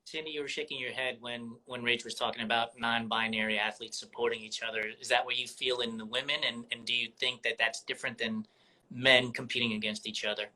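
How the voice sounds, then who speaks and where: A podcast host leading a casual interview, speaking passionately and growing animated on a favourite subject. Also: medium pitch, fairly quick, low-quality recording. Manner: animated and passionate when excited.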